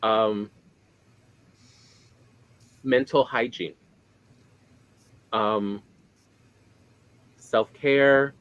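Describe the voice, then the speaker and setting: A man's voice: lowish voice, fairly even intonation, extremely slow, long pauses, a bit bright, clean tone, dry recording, highs cut off. A man hosting a podcast in casual chat, rambling with many fillers and restarts. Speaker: podcast host.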